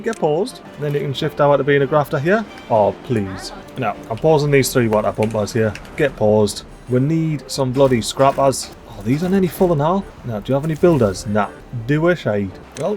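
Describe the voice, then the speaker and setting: A man giving chatty, excitable commentary as he plays a game, joking with the characters on screen. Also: mid-range voice. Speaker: let's play host. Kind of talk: casual gameplay commentary.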